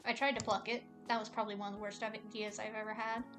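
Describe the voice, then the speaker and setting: A young woman streaming a game, reading the story aloud and chatting, sarcastic and quick to swear. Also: medium pitch, level tone, over music.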